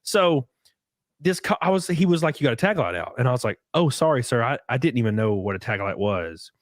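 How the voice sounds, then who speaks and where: A man's voice: medium pitch, a little fast, no echo, clean studio sound. A man hosting a casual podcast, telling a story with lots of swearing and acted-out quotes. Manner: animated storytelling, acts out quotes with profanity. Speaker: podcast host.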